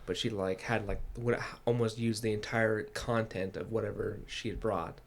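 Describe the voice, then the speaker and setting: A man co-hosting a podcast who chats casually about a book, chiming in with quick asides and hedges. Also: fairly low pitch, fairly even intonation. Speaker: podcast co-host.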